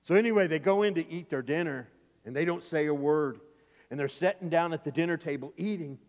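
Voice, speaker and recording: A man, a pastor, telling a Bible story to children in church, animated and playful, acting out the characters' voices. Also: on the high side, fairly quick, highs cut off. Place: church sanctuary. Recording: church hall reverb.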